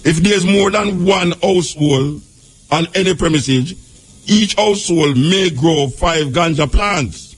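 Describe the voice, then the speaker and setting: Husky Jamaican man reading a law. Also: a little high, measured pace. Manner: switches between formal reading and loose patois asides. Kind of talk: reading a law aloud with commentary.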